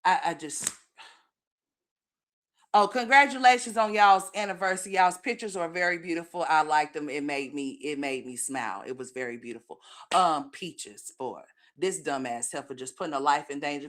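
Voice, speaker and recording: Blunt, rambling woman with a low voice. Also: fairly bright tone. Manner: blunt, profane, rambling, with many "um"s and "honey"s. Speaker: commentary channel host. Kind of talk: casual opinion commentary.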